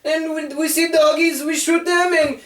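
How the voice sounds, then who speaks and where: A man voicing a bumbling foreign male Olympics reporter in a mock Russian accent, speaking slow, broken English. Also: very high voice, level tone, a bit bright, pitched above the performer's own voice. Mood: mock-serious. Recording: echoey room, mic at a distance.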